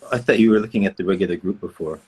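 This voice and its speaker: A man at a live fan autograph session, reading questions aloud in a playful, animated way. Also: low voice, racing, breathy edge.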